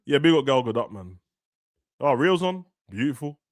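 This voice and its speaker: A young man, ranting and joking as a streamer during a football watch-along, now and then shouting. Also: medium pitch, big pitch swings, normal speed, dry recording, clean studio sound. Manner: ranting, slangy, bursts of shouting. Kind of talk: casual chat over a live match.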